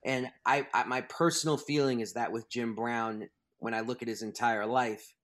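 Male author guest, mid-pitched, emphatic and animated, talkative interview style. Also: normal speed. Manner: animated, emphatic, restarts thoughts. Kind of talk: interview conversation.

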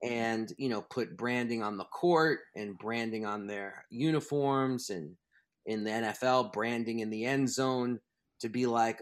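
Male author guest, mid-pitched, emphatic and animated, talkative interview style. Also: a little slow. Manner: animated, emphatic, restarts thoughts. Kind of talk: interview conversation.

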